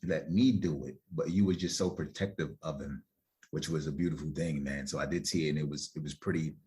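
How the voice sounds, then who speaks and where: A man's voice: very deep voice, a little fast. A man hosting a podcast, chatting casually and affirming his guest. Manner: relaxed, affirming interjections. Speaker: podcast host. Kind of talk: casual interview.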